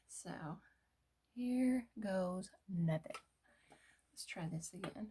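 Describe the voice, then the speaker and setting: A middle-aged woman talking casually through her makeup routine, often dropping to a soft whisper. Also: mid-range voice, slow pace, pauses often, breathy edge. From United States. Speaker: beauty vlogger. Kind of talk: casual get-ready-with-me makeup talk.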